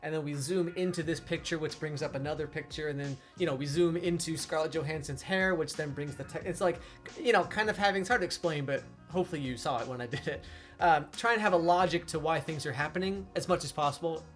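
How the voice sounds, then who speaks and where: Young man, slightly high voice, rambling casual explainer, faint music underneath. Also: quick pace. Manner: rambling, heavy with filler words. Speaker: video essayist.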